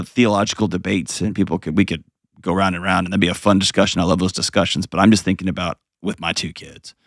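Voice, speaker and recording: Deep gravelly earnest man. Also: dry recording, clean studio sound. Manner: earnest, emotional, pauses heavily. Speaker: radio show host. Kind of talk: advice call-in show.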